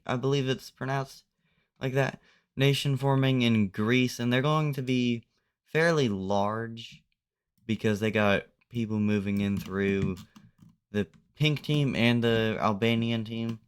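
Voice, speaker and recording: A man's voice: mid-range voice, clean tone. A man casually narrating a map simulation in a loose, conversational way, often saying "like". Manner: loose, conversational, uses "like" a lot. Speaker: commentator.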